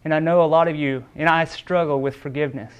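Man, pastor, sermon, fairly high voice, earnest, repeats himself. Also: fairly even intonation, fast, clean tone. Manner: earnest preaching with repeated words and brief restarts.

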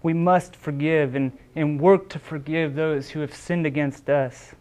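A man's voice: on the high side, fairly even intonation, a little slow, a little mellow. A man preaching a sermon as a pastor, earnest, with repeated words and small restarts.

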